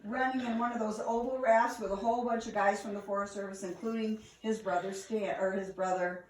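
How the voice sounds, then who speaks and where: A woman telling stories from her past in a casual, animated way, laughing and acting out the lines. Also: medium pitch, a little fast, a little hiss or hum. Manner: animated, laughing, acts out quotes. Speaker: storyteller. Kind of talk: casual storytelling. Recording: echoey room, distant mic.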